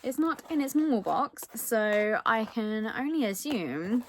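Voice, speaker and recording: A woman chatting excitedly through a book unboxing, with lots of ums and asides. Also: a little high, unhurried, slight background noise. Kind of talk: casual unboxing chat.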